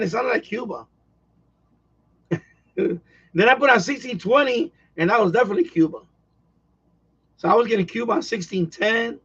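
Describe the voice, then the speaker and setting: A man's voice: high-pitched, creaky, a bit bright, breathy edge, muffled recording. A man chatting casually on a live stream at home, rambling and repeating himself with lots of fillers. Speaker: radio hobbyist live streamer. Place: at home, quiet house.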